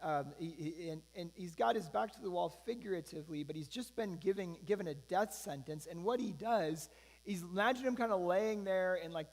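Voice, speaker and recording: A man preaching a sermon, retelling a scripture story in a loose, conversational way with frequent asides. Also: high-pitched. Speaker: pastor. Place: church sanctuary. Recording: long reverb of a church hall.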